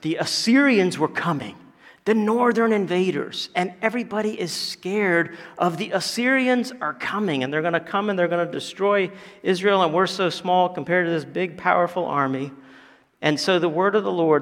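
A man with a high, light voice delivers a sermon. He moves from quiet, drawn-out phrases to loud, emphatic bursts. The sound carries a long reverb, like a church hall. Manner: animated, swings from hushed to loud. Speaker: pastor.

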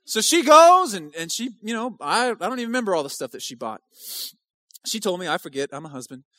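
A man's voice: high voice, very animated, a little fast, pushed and bright, dry recording. A male pastor preaching an impassioned sermon at a church service, driving home repeated rhetorical questions.

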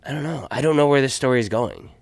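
A man co-hosting a podcast in casual chat, laid-back and quick to chuckle. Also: medium pitch, lively intonation, creaky, no echo. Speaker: podcast co-host.

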